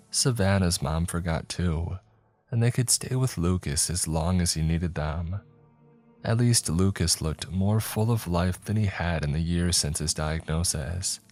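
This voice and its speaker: Brief: deep-voiced man, calm scripted story narration, soft music bed.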